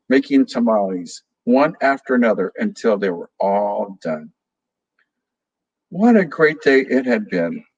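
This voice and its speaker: A man's voice: mid-range voice, highs cut off. A man, a children's author, reading a storybook aloud expressively to children. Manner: slow, expressive, addresses children. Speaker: guest reader, children's author.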